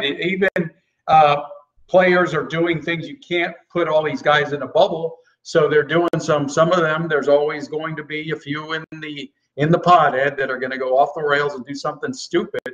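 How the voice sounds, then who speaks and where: A man joining a sports talk show as a guest analyst, rambling with halting restarts. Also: fairly high pitch, steady tone, a bit bright. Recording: distant dull remote audio.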